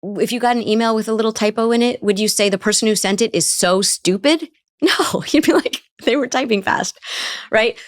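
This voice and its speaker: A woman's voice: a little high, no echo, studio quality. A woman therapist in an interview, explaining ideas and often asking rhetorical questions. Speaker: therapist guest. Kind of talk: interview conversation.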